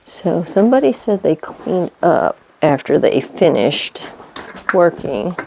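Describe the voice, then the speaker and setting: A middle-aged woman chatting casually in her home woodworking shop, relaxed and rambling as she thinks aloud. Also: on the low side, slow, vocal fry, slight background noise. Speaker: woodworking vlogger. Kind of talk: casual how-to chat.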